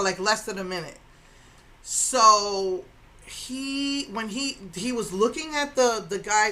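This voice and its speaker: A woman's voice: mid-range voice, bright, forceful tone, poor audio. Indignant middle-aged woman telling a story. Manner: indignant, repeats herself, acts out quotes. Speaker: vlogger recounting an incident. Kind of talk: casual storytelling to camera.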